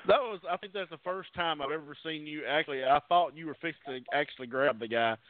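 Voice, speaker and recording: A man's voice: a little high, fast, dry recording. A man co-hosting a podcast, reminiscing in a hesitant, casual way. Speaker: podcast co-host. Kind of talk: casual chat. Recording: dry phone-like sound.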